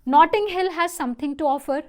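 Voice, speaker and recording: A young woman with a bright, high voice talks through an online English lesson. She chats loosely, keeps asking "okay?", and stops now and then to apologize and fix a slip. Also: brisk. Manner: chatty, asks "okay?" often, apologizes for slips. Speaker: English teacher.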